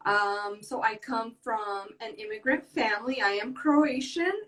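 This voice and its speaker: A woman's voice: on the high side, a little slow, a bit bright, a little hiss or hum. A woman in her twenties from the United States, a podcast guest talking earnestly and rambling a little, with many fillers. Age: 20s. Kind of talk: casual interview talk. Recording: voice from far off the mic.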